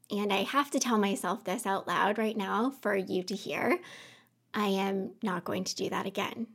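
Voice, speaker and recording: With a medium pitch and noticeable vocal fry, a woman podcast host speaks unscripted from her home office about something personal. She's emotional to the point of nearly crying, earnestly reflective, and rambles somewhat.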